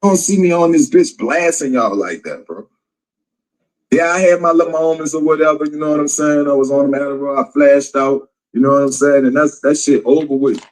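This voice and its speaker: A man's voice: on the high side, a little fast, rough recording. A man in a played clip ranting heatedly and profanely, repeating himself. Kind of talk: casual rant in a clip.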